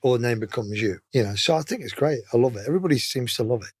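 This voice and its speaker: A man's voice: medium pitch, animated, racing, darkish tone, breathy edge. A man guest in a casual interview, talking in a chatty, enthusiastic way. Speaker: singer, guest.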